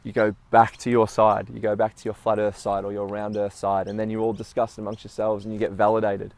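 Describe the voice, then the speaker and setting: A man's voice: lowish voice, monotone, brisk, darkish tone. A man talking casually and reflectively, telling a story and acting out the quoted lines, with fillers and repeated words. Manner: storytelling, acts out quoted dialogue. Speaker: speaker sharing personal reflections.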